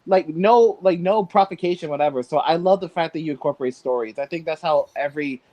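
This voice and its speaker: A man's voice: on the high side, fast talker, mellow, no echo, highs cut off. Enthusiastic man co-hosting a podcast. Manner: enthusiastic, rambling, swears casually. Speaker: podcast co-host. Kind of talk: casual podcast chat.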